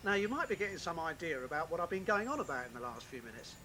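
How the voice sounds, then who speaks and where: A man's voice: fairly high pitch, very animated, fast talker, very noisy. A man presenting a history piece to camera, teasing and quizzing in a playful way. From London.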